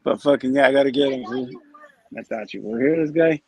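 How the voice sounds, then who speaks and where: A man's voice: medium pitch, fairly quick, dark tone, husky, dry recording, poor audio. A man from the West Coast, a guest on a chat stream, who rambles nervously and curses. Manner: nervous rambling, cursing, says bro a lot. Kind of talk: casual chat.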